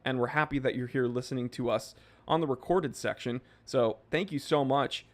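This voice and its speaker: A man in his thirties hosting a livestream, casually reading viewer comments aloud and joking with the chat. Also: a little high. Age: 30s. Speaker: livestream host.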